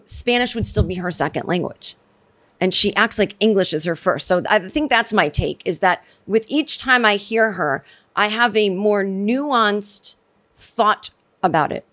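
Middle-aged american lady doing a solo podcast, rambly and sarcastic, mid-pitched voice. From United States. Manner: rambling, animated, sarcastic asides. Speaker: podcast host. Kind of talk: casual solo podcast commentary.

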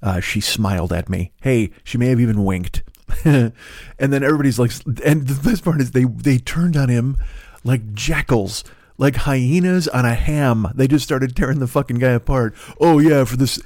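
A middle-aged man rants profanely as a comedy podcast host, exasperated and scoffing. His voice sits at an ordinary male pitch. The recording is dry and close. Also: normal speed, darkish tone, no echo.

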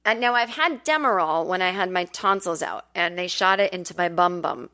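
On a comedy podcast, a woman tells a candid personal story from her temporary home in Brooklyn, her voice bright and pushed with lively intonation at a moderate pace. Chatty and swearing freely, she acts out quotes in a high, whiny voice during this casual storytelling monologue.

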